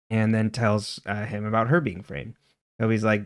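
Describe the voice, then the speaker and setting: A man's voice: fairly low pitch, moderate pace. A man co-hosting a podcast, casually retelling TV episode scenes and quoting the characters with frequent laughs. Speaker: podcast co-host. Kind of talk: casual recap chat.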